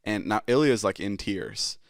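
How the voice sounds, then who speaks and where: A man's voice: on the low side, animated, unhurried, no room sound, clean studio sound. Rambling, swearing young man telling a story. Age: 20s. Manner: rambling, heavy swearing, many fillers. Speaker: podcast host. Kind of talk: casual storytelling.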